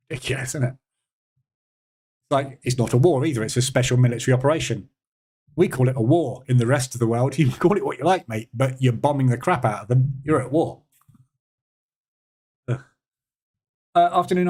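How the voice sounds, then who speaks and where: A man's voice: mid-range voice, moderate pace, long pauses, a little mellow, husky. A man with a British accent hosting a live trading room, chatting casually and sarcastically while answering viewer comments. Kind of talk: casual live-stream chat.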